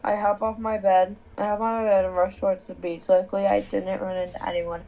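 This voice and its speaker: A young woman reading fanfiction aloud as a co-host, in a flat, halting way. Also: medium pitch, rough recording.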